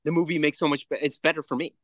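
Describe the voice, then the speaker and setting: A man's voice: fairly high pitch, level tone, racing, fairly bright tone, no echo. A man co-hosting a podcast in casual chat, rambling and swearing freely as he acts out little quotes. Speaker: podcast co-host.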